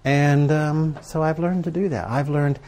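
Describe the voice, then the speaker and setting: A man's voice: on the high side, fairly even intonation, unhurried, darkish tone. A middle-aged man giving a sermon to a live audience, telling stories and asking rhetorical questions in a conversational way. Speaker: preacher teaching on prayer and journaling.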